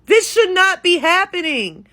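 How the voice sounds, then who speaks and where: A woman with a high, bright, piercing voice delivers an exasperated reaction rant. She swears freely and keeps the heat up from line to line. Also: sing-song, a little slow. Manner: profane, exasperated, heated. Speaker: content creator. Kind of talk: ranting reaction commentary.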